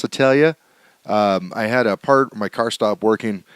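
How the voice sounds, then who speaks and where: Clear and resonant, this mid-range male voice moves at a moderate pace on a dry recording. He's a podcast host at home, still fine-tuning his audio setup, telling a frank, meandering story full of restarts and filler words.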